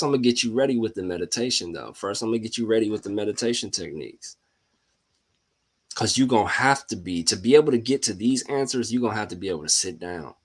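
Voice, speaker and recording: A man hosting a live mindset show, talking casually and animatedly, firing rhetorical questions at himself and at listeners in slangy, informal speech. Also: lowish voice. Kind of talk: casual motivational talk.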